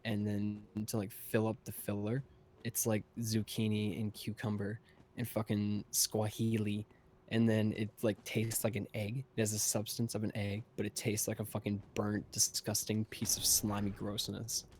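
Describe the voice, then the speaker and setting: A man's voice: lowish voice, monotone, normal speed, a little mellow, slight background noise. A man telling a long story in a casual, rambling, profane way. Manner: profane, rambling, laid-back. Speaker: podcast host.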